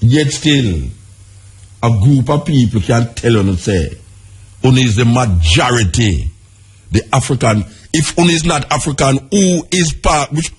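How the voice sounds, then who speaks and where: A man's voice: on the high side, husky. A Jamaican man giving an impassioned radio monologue in patois-laced speech, firing rhetorical questions at his listeners. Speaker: radio talk host. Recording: radio broadcast.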